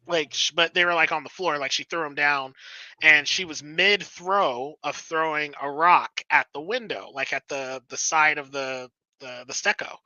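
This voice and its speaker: A man's voice: on the high side, sharp tone, dry recording, highs cut off. A man telling a story on a podcast as a guest musician, rambling, laughing and swearing as he goes.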